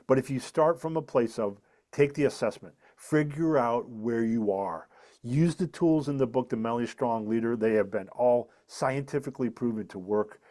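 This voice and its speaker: Speaking at normal speed with a medium pitch and a dark tone, a middle-aged man who is an author and speaker earnestly describes a method in a podcast interview. He uses an emphatic teaching manner, repeating his main points to stress them.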